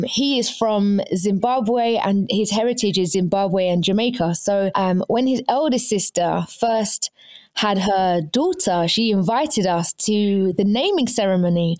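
A woman guest on a podcast, telling stories in a lively, laughing way. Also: mid-range voice. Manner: animated storytelling, laughs often. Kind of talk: casual podcast chat.

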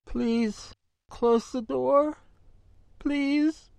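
A man's voice: extremely high pitch, steady tone, drawn-out words, creaky, darkish tone, clean tone, dry recording, pitched above the performer's own voice, full character voice. A man voicing a frightened, battered young woman who speaks plaintively with a slurred lisp. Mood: pleading.

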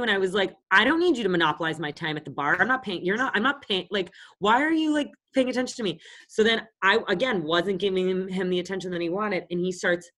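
A woman's voice: mid-range voice, fast talker, few pauses, fairly bright tone. A woman around thirty, co-hosting a podcast and telling stories in a casual, blunt and profane way. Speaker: podcast co-host. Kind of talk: casual chat.

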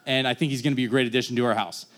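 A man's voice: medium pitch, fairly even intonation, racing, a bit bright. A young man telling a casual, rambling personal story on stage, acting out the people in it. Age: young adult. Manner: casual rambling, acts out quoted voices.

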